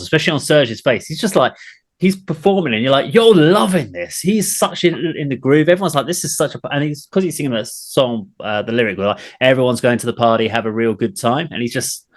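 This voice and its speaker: Excited man reviewing a metal song. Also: lowish voice. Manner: enthusiastic, swears casually. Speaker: show host. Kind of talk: casual music review chat.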